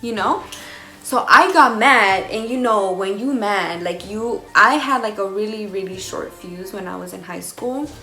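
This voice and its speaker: A young woman, casually telling a personal story to camera in an animated, slangy way. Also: medium pitch, measured pace, roomy sound, soft background music, low-quality recording. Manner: animated, swears freely, slangy. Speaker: vlogger.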